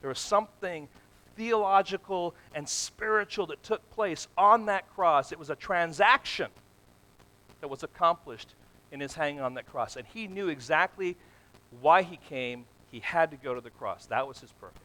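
A man preaching a sermon, asking the congregation questions and growing louder and more emphatic as he goes. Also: fairly high pitch, normal speed, rough recording. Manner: asks the congregation questions and answers them; builds from quiet to loud and emphatic.

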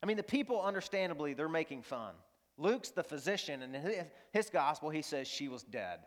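A man's voice: a little high, very animated, fairly quick. A man preaching a sermon as a pastor. He speaks emphatically and repeats key phrases while he tells stories.

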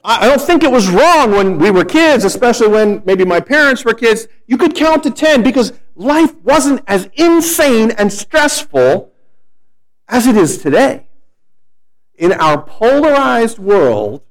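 A man's voice: extremely high pitch, sing-song, unhurried. A middle-aged man, a pastor, preaching a sermon in a conversational, storytelling way with frequent restarts.

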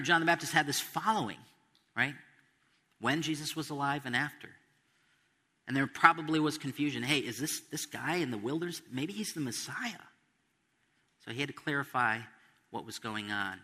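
Bright-voiced man preaching in a hall. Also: medium pitch. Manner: expository preaching with emphatic quotes and questions. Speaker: pastor. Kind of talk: sermon.

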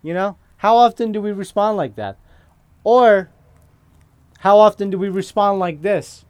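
A high-pitched man delivers a sermon at a measured, unhurried pace. He talks deliberately and keeps checking in with the congregation. The sound is dry and close. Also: clean tone, dry recording. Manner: slow and deliberate, keeps asking "okay?". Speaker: pastor.

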